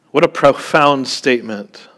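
Male preacher, unhurried delivery, chatty sermon style, peppers his teaching with light jokes and "okay?" checks. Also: mid-range voice, a bit bright. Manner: conversational, with joking asides and frequent "okay?" check-ins.

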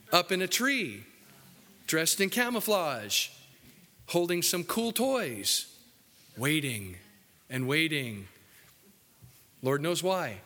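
A male pastor preaching a folksy, joking sermon, dropping low and soft for the solemn points. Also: long reverb tail.

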